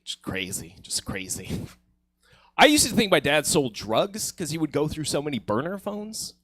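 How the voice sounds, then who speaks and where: A man's voice: on the high side, big pitch swings, normal speed, a bit bright, slightly rough, no room sound. A man born in Ukraine doing a playful, self-deprecating stand-up set on a comedy theater stage.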